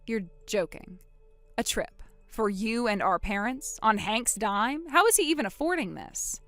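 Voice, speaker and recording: A woman voicing a calm, vengeful young woman who coldly springs a trap on her sister in a text-story drama. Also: a little high, measured pace, dry recording, faint music behind. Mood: hurt. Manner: cool, quiet, coldly sarcastic.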